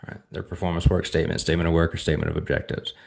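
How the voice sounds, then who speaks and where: Low-voiced man giving casual contracting advice. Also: little pitch movement, very fast, creaky. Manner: conversational, often checks in with "all right?". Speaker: channel host and defense contracting advisor. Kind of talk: casual instructional talk to viewers.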